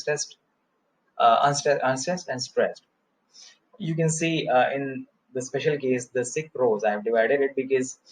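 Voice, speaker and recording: A man's voice: mid-range voice, low-quality recording. A man teaching English poetry, reciting verse and counting out stressed and unstressed syllables, with frequent fillers. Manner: frequent "uh" and "you know" fillers. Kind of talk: lecture on poetic meter, reciting verse.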